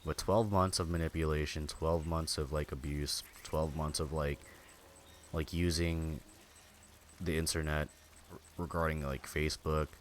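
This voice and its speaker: A man's voice: very deep voice, little pitch movement, unhurried, a little hiss or hum. A man streaming a game, venting in rambling casual chat full of filler words and swearing. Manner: venting, bitter. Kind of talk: casual chat while gaming.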